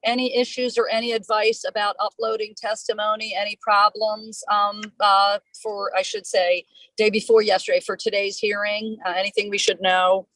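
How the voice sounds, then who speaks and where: A woman legislator asking polite, brisk questions at a committee hearing. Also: medium pitch, little pitch movement, fairly bright tone, dry recording, low-quality recording.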